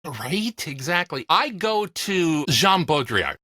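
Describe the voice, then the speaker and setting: A man's voice: on the high side, big pitch swings, takes it slowly, pushed and bright, dry recording. A man co-hosting a podcast, joking and musing in casual chat. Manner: jokey, discursive. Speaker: podcast co-host.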